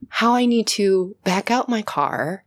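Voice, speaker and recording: A woman in her thirties, a podcast guest, telling stories in casual chat and swinging into loud, shouted retellings. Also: mid-range voice, lively intonation, slow.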